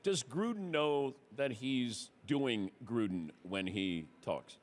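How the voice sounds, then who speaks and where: Sports radio host guy, mid voice, brisk and lively. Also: mid-range voice. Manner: brisk, lively read of plugs and intros. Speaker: sports talk show host. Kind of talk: radio sports talk show.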